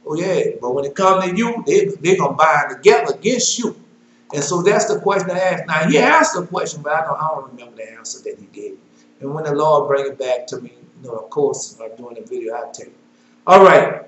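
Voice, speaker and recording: A man with a Southern American accent giving an informal Bible teaching. He reads scripture aloud in a louder, slower voice and drops to quiet, mumbled asides in between. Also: a little high, expressive, a little hiss or hum. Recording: roomy echo.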